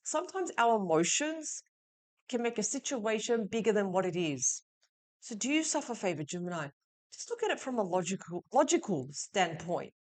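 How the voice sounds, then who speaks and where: A woman's voice: mid-range voice, sing-song, normal speed. A woman giving a weekly tarot reading, talking straight to the listener in a reassuring way. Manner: reassuring, addresses the listener directly. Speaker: tarot reader.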